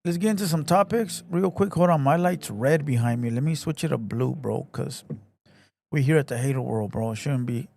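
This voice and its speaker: A man hosting a casual livestream podcast, talking in profane, slangy street talk full of shout-outs. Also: mid-range voice, normal speed, vocal fry, slight background noise. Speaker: podcast host.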